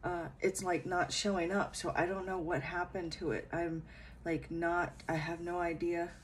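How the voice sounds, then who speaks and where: A tired woman giving a casual late-night spiritual talk at home, speaking softly and hesitantly with many fillers, then guiding a meditation. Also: lowish voice, level tone, normal speed, slight background noise, poor audio. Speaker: spiritual reader.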